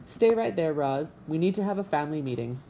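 A woman's voice: sits low, lively intonation, fairly quick, warm tone, slight background noise. A woman voicing a stubborn, grumbling male beaver father with a folksy way of talking. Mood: gruff, folksy.

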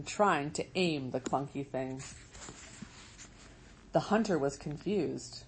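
A woman reading a storybook aloud as narrator, in a measured, steady way. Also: on the low side, breathy edge, rough recording. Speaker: audiobook narrator.

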